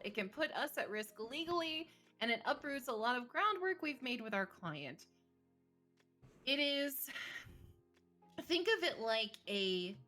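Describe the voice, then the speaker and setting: A woman's voice: mid-range voice, a bit bright. A woman therapist, a streaming guest, talking candidly about mental health with frequent laughter and jokes. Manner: candid, joking, laughs often. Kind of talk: livestream conversation.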